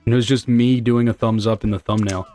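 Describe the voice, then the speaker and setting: A man's voice: mid-range voice, fairly even intonation, fast talker, dark tone, soft background music. Joking young man streaming a speedrun. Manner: rambling, jokey, swears casually, reads chat aloud. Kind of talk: casual livestream chat while speedrunning.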